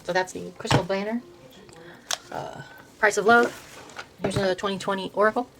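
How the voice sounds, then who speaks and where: An older woman hosting her own video, softly showing tarot decks and reading card names aloud, often trailing off and restarting words. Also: medium pitch, fairly even intonation, moderate pace, creaky, background noise. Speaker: host showing her tarot deck collection. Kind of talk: soft-spoken casual deck walkthrough.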